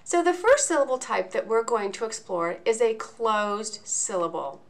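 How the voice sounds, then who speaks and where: A woman teaching a lesson in a video, explaining each point slowly and enunciating clearly. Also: a little high, lively intonation. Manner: slow, deliberate, clearly enunciated.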